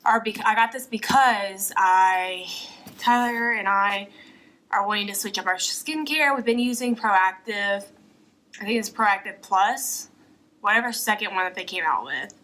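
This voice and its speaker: A woman's voice: medium pitch, a little slow, pushed and bright, poor audio. A young woman vlogger chatting casually through an unboxing at home, a little out of breath and rambling with fillers. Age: young adult. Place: apartment.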